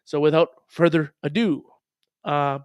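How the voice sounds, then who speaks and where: A man's voice: fairly high pitch, measured pace, clean tone, no room sound. A male show host in casual commentary, reading a disclaimer aloud with profane, sarcastic asides and chatting with viewers. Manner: chats with viewers in a live chat.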